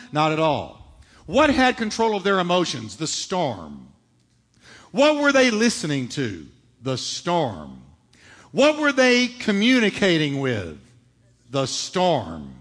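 A man's voice: sits high, fairly bright tone. A man preaching a sermon, emphatic, asking rhetorical questions and answering them himself. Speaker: pastor. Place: church sanctuary. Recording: reverberant hall.

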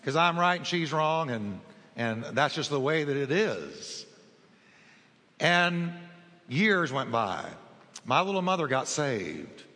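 A male pastor delivers a storytelling sermon, voicing each person in his story as he goes. His voice is bright and a little high for a man. It rings with the long reverb of a large church. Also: sing-song, slow pace, pauses often. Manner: storytelling, acts out quoted dialogue.

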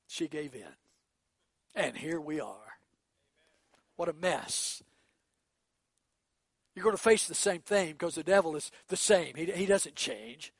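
A man preaching with a high, lively voice that leaps up and drops low as he acts out the voices he quotes. He speaks slowly and deliberately, moving between near whispers and shouts. The sound is dry and close. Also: no echo. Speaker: pastor. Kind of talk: sermon.

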